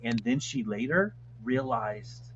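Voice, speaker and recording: A man co-hosting a live show, retelling a ghost story in a slow, theatrical mock-spooky voice. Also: medium pitch, expressive, highs cut off, very noisy. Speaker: co-host.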